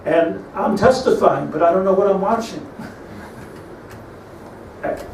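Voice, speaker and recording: A middle-aged rabbi with a fairly high voice preaches a storytelling sermon, dropping Hebrew terms into his English and building to emphatic peaks. He sounds set back from the mic in a roomy, echoing space, with a faint hum of ambience behind him. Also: takes it slowly, darkish tone. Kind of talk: sermon on lamentations. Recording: echoey room, mic at a distance, faint ambience.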